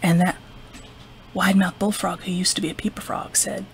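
A woman librarian telling a folktale to children, expressive, with whispers and sound effects. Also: fairly low pitch, normal speed. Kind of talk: children's storytime narration.

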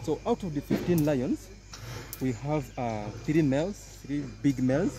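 A man's voice: a little high, animated, normal speed. A man from Uganda with a Ugandan accent, working as a tour guide and explaining animals outdoors at a zoo, often checking in with "okay?". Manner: explanatory, repeats key points, asks "okay?" often. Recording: noisy outdoor recording. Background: outdoor ambience, animal sounds.

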